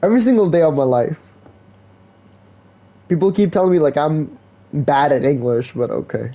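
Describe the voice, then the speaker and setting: A man's voice: fairly high pitch, normal speed, lo-fi sound. A man streaming live, chatting casually in a slangy, laid-back way, full of "bro" and "like". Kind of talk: casual rambling stream chat.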